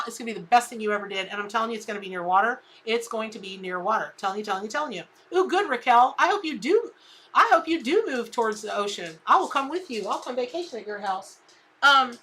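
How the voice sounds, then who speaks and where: Bright-voiced chatty woman tarot reader. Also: on the high side. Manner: chatty, warm-hearted and rambling, calls viewers by name. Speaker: tarot reader hosting a live stream. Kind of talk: live stream reading viewer comments.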